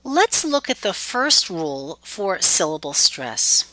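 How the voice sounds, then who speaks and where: Slow, lively woman teaching. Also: lowish voice, no room sound. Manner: clear, deliberate, stretches example words. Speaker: pronunciation teacher. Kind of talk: scripted instructional lesson.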